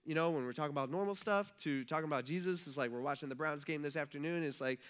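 Man, preacher, casual sermon, high voice, filler-heavy, talks in little acted dialogues. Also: fast talker, fairly bright tone, smooth. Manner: conversational, filler-heavy, often says "like"; acts out imagined dialogues.

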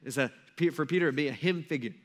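A man preaching a sermon in a conversational way, asking rhetorical questions, acting out quotes, and swinging between loud stresses and hushed lines. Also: medium pitch, fast talker. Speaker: pastor.

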